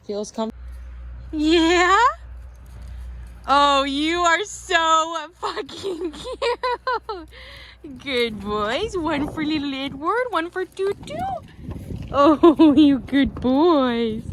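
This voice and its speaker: A woman's voice: high voice, expressive, very slow, long pauses, fairly bright tone, a little hiss or hum. A young woman vlogging outdoors at a horse stable, praising her horses in sweet baby talk with lots of giggles.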